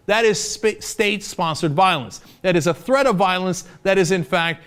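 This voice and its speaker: A man's voice: sits high, normal speed, few pauses, fairly bright tone, clean tone. An American man giving an opinion commentary, indignant and sarcastic, with many filler words. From United States. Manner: indignant and sarcastic, mocks opponents in put-on voices. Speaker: political commentator.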